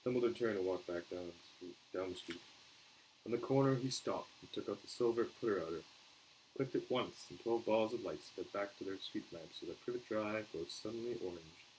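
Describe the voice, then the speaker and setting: A man's voice: lowish voice, fairly quick, darkish tone, a little hiss or hum, low-quality recording. A man reading a children's novel aloud in a casual, unpolished way, with small slips and restarts. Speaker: show host reading aloud.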